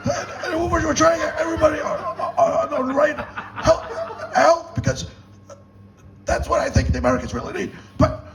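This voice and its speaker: A man's voice: very high voice, normal speed, a bit bright, a little hiss or hum, pitched above the performer's own voice, poor audio. A male comedian voicing a strained, reedy older politician, breathless and rambling. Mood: wheezing.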